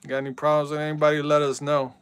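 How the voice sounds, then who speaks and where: Male game streamer, casual and talkative, smooth resonant voice, dry. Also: a little high, completely flat delivery, very fast, dry recording. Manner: chatty, reads out viewer messages, yells at big plays. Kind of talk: casual live-stream chat.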